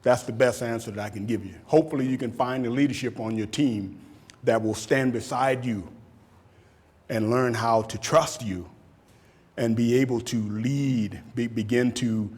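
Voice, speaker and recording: A man in his fifties, a football coach, giving a motivational talk and taking questions, animated and repeating words for emphasis. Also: mid-range voice, normal speed, slightly rough. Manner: animated, acts out shouted quotes, laughs often. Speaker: football coach speaking at a camp.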